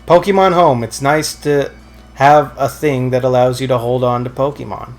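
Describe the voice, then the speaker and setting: A man's voice: mid-range voice, steady tone, moderate pace. Rambling man chatting over a game. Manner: rambling, self-correcting, dry teasing. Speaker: let's play co-host. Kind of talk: casual gameplay commentary.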